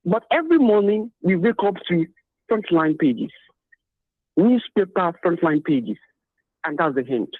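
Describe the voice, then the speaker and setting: A man's voice: high-pitched, lively intonation, unhurried, long pauses, no echo. A man calling into a radio show, arguing politics emphatically with repeated points and rhetorical questions. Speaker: caller. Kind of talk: political call-in commentary. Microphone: phone. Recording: tinny phone line.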